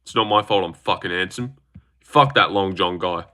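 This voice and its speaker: Brash, bright-voiced Australian young man. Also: normal speed. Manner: animated and brash, swears a lot, big pitch jumps. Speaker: livestream host. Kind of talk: casual livestream chat, reading viewer comments.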